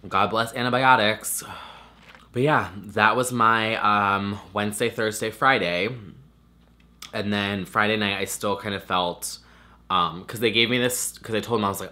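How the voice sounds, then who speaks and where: Chatty nasal young man, bright tone. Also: fairly low pitch, fairly even intonation, measured pace. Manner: chatty, swears a lot, many "like" fillers. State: recovering from a swollen throat. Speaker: vlogger. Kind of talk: casual chat.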